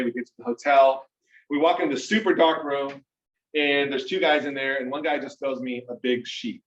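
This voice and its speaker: A man addresses a small group in a meeting room, telling his story in a loose, lively, conversational way and checking in with his listeners as he goes. He is picked up from a distance, so the room echoes around him. The sound is dull and muffled. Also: mid-range voice. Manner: animated, conversational, frequent "right?" and "okay?". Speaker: mastermind speaker.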